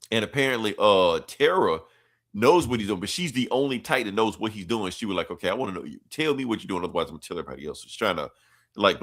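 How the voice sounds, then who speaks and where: Low-voiced man rambling through a comic recap. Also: fairly bright tone. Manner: rambling, slangy, profane, offhand. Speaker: podcast host.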